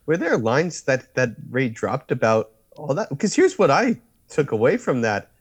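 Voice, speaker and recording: A man co-hosting a comedy podcast, talking animatedly with quick laughs and mock outrage. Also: mid-range voice, big pitch swings, husky. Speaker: podcast co-host. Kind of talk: casual comedic chat.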